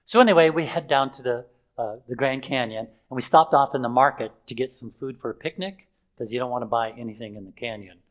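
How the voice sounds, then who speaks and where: A man's voice: medium pitch, a little fast, low-quality recording. An older man preaching in a chatty storytelling way, with fillers and frequent chuckles. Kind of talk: anecdotal sermon.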